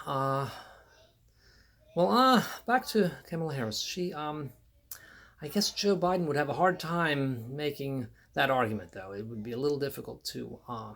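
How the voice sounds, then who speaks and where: A man speaks alone into the mic in a plain middle register, his voice roughened by a gravelly fry. His delivery is dry and wry, broken up by many halting ums and uhs as he works through his points. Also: mid-range voice, fairly bright tone. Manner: halting, frequent um and uh pauses. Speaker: political commentator. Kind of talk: solo spoken commentary.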